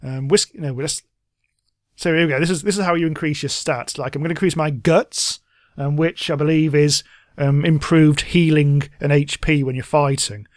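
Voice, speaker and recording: A man's voice: on the high side, fairly even intonation, moderate pace, dry recording, studio quality. Chatty man playing a game. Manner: chatty, giggly, reads game text aloud. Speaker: let's play host. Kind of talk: casual gameplay commentary.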